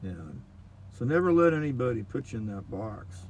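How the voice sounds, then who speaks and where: A man tells a long story in a rambling, animated way, his voice swinging between loud bursts and soft asides. He sits at a mid pitch and sounds casual and unscripted. The recording is distant and very echoey, with faint noise behind him. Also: normal speed. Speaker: guitar player giving advice.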